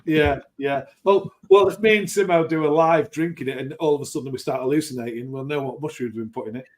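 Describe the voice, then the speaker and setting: A man joining a live stream as a guest home brewer, chatting in an easygoing way with halting phrasing. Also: on the high side. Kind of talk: casual chat.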